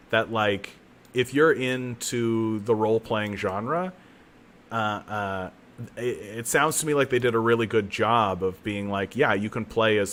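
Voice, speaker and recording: A man from Canada streaming a video game on a new home mic setup, chatting casually in a rambling, self-mocking way with bursts of excitement. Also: lowish voice. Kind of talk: casual gaming commentary. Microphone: new desk mic.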